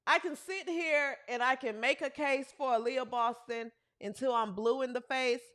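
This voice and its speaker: A woman's voice: high voice, fairly even intonation, moderate pace, fairly bright tone. A woman hosting a sports talk show, ranting emphatically and repeating phrases for emphasis. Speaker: host. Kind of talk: sports commentary rant.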